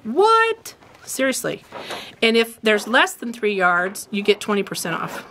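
Hosting a quilt shop video, a talkative woman chats casually about products, wandering into playful remarks on fabrics and kits. She speaks at normal speed in a middle pitch with a fairly bright tone, over a faint background hiss.

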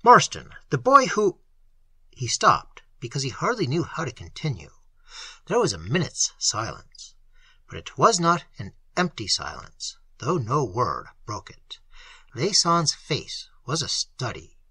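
Hoarse, expressive audiobook reader. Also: medium pitch, unhurried, no echo, poor audio. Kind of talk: audiobook narration.

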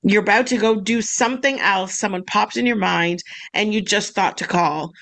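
A woman co-hosting a podcast in a casual, laughing, animated way. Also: medium pitch, moderate pace, creaky, poor audio. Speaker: podcast co-host.

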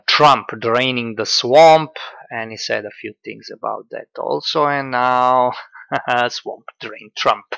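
A man giving casual political commentary in a halting, sardonic way, full of fillers. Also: mid-range voice, vocal fry, pushed and bright, dry recording.

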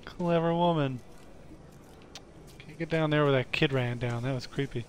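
A man's voice: medium pitch, fairly even intonation, quick pace, a little hiss or hum. A man casually commenting while he plays a game live, joking and talking to the characters on screen. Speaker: streamer playing a game.

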